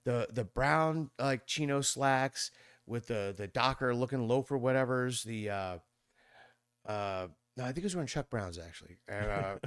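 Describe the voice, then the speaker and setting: A man in his fifties, a podcast guest, telling a long story in a rambling way and mimicking other people's voices with sudden high squeaks. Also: moderate pace, fairly bright tone, smooth, no room sound, clean studio sound. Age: 50s. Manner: rambling with many restarts and fillers. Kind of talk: conversational storytelling.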